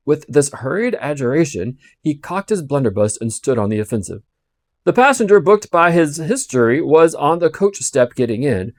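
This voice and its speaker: A man reading a classic novel aloud with expressive storytelling. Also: on the high side, moderate pace, no echo, clean studio sound. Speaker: audiobook reader.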